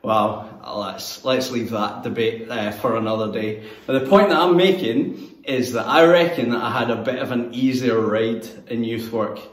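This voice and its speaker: A Scottish man in his thirties, a church youth leader, giving a relaxed, conversational, self-deprecating sermon. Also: medium pitch, moderate pace. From Scotland. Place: church hall. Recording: echoey room, mic at a distance.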